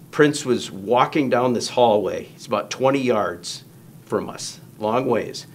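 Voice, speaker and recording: A man's voice: mid-range voice, slight background noise. A man telling a long story in casual conversation, acting out quoted lines in raised voices. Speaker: guest storyteller.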